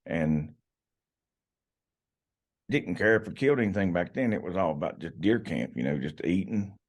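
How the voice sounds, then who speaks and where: A man's voice: deep voice, animated, moderate pace. A middle-aged man, a podcast guest, telling hunting stories in a rambling, folksy way with many restarts. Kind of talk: casual storytelling. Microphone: podcast microphone.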